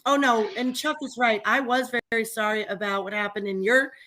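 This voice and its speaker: A woman talks in a loose, animated way, venting about her day and laughing often. Her voice sits a bit high and sounds bright and forceful. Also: a little fast. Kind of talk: casual chat.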